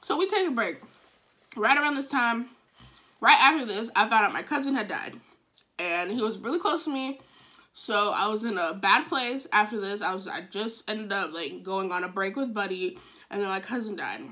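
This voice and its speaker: Bright-voiced woman telling a dramatic story. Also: mid-range voice, normal speed. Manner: dramatic, animated retelling with sudden wailing outbursts; frank and profane. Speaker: vlogger. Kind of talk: casual storytime.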